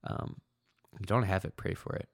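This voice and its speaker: A young man hosting a casual faith discussion, talking haltingly with many fillers and restarts. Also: dry recording, clean studio sound. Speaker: podcast host.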